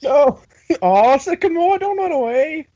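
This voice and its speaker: A woman's voice: high voice, measured pace, dull audio. A woman playing a tabletop game on a stream, chatting casually and laughing often. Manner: giggly, excitable, laughs often.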